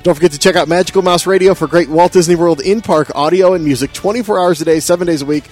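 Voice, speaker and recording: A man hosting a chatty podcast, his voice sitting a touch high for a man. He laughs at himself and stumbles over words as he runs through the sponsor spots. Faint music plays underneath. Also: quick pace, darkish tone. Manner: laughing, self-mocking, tripping over words. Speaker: podcast host. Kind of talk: casual podcast chat, reading sponsor spots.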